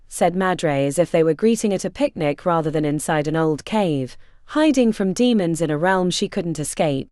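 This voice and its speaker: A woman narrating a fantasy audiobook in an expressive storytelling manner. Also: fairly low pitch, moderate pace, few pauses, no room sound, clean studio sound.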